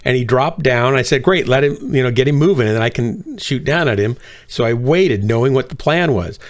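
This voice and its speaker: A man's voice: mid-range voice, expressive, a little fast. A man with an ordinary mid-range voice talks with his teammates over gaming voice chat. He keeps a wry, joking tone while defending himself.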